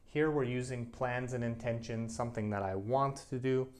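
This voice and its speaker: Man, middle-aged, English teacher, animated, acts out examples, medium pitch. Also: normal speed. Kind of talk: grammar lesson to camera.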